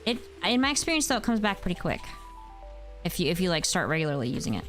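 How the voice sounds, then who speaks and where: A woman's voice: lowish voice, big pitch swings, fast talker, fairly bright tone. A young woman chatting casually on a gameplay stream, rambling and answering her chat, with faint music behind her.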